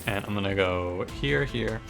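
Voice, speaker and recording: A man's voice: fairly low pitch, normal speed, vocal fry, over music. A man casually chatting to his viewers in a rambling way while commenting on his gameplay. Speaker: gaming YouTuber.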